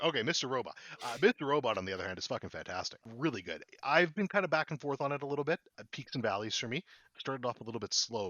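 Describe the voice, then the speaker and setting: A man's voice: lowish voice, bright, forceful tone, dry recording. A man co-hosting a podcast in casual chat, blunt and opinionated, swearing freely. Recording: dull, dry lo-fi audio.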